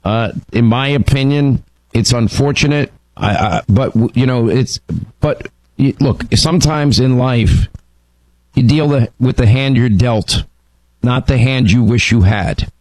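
Talk radio host with a dry, close sound. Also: male voice, mid-range voice, measured pace, darkish tone, no echo, poor audio. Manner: emphatic, frequent restarts. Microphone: studio microphone.

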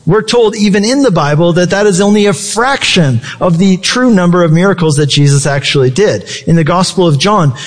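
A man's voice: high-pitched, animated, brisk, hardly any pauses, long reverb tail. A male pastor preaching a sermon in a conversational way, posing rhetorical questions to his congregation.

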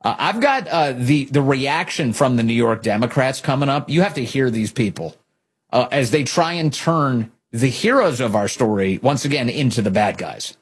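A man hosting a political talk show, delivering sarcastic, animated commentary. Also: mid-range voice, normal speed, husky. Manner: animated, sarcastic, mimics opponents.

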